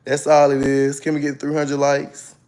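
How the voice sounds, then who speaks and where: Animated man livestreaming a dramatic story. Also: a little high, normal speed. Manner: animated, dramatic, loud outbursts.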